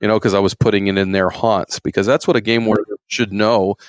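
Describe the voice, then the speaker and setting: A man's voice: on the low side, little pitch movement, fairly quick. A middle-aged man, a retired game warden, telling folksy, rambling stories in an interview and acting out quotes in raised voices. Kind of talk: casual storytelling interview.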